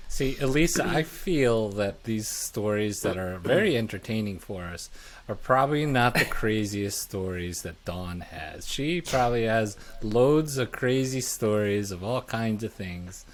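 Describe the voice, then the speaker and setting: A podcast co-host with a Southern US accent talking in a relaxed, enthusiastic way about his guest. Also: lowish voice, unhurried. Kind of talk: casual chat.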